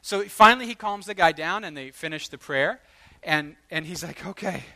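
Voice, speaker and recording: A man preaching, telling a story with lively acted-out quotes that swell into loud bursts. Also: fairly high pitch, normal speed, vocal fry. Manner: animated, acts out quoted voices, rising to loud bursts. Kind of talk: sermon storytelling.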